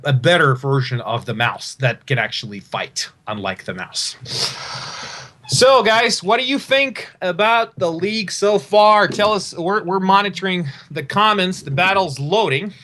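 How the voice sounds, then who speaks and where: Male esports caster, Russian accent, bright high voice, loose joking delivery. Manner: joking, rambling with fillers. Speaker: esports commentator. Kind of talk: casual live game commentary.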